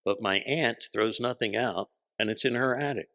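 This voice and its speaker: A man, a podcast guest telling stories in animated casual chat, acting out the voices he quotes. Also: medium pitch, moderate pace. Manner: animated, acts out quoted voices, laughs often.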